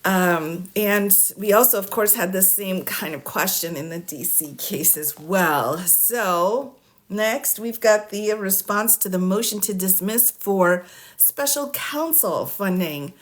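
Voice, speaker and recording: A woman's voice: mid-range voice, animated, takes it slowly. A woman attorney talking casually on a livestream, walking through court filings, often laughing and sounding exasperated and amused. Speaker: attorney giving legal case updates.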